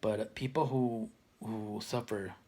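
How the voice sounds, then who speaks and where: Husky rambling man in his thirties. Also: lowish voice, fairly even intonation, takes it slowly, mellow. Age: 30s. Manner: rambling, restarts, many fillers. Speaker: vlogger. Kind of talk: casual talk to camera.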